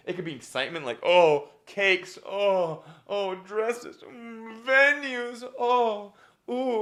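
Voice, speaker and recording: A young man coaching comedy writing on a live stream, talking casually with lots of fillers and restarts and jumping into acted-out bits. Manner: animated, jumps into acted-out bits with big pitch swings; repetitive fillers (yep, okay), restarts.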